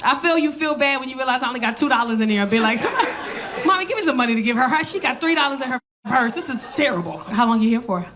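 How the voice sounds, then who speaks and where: A brash woman stand-up comic in her thirties, with a New York accent and a high, bright voice. She talks profanely and teases people in the crowd. The live club recording carries loud audience laughter and room noise. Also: lively intonation, fast. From South Bronx, New York. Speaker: stand-up comedian. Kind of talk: stand-up comedy with crowd work.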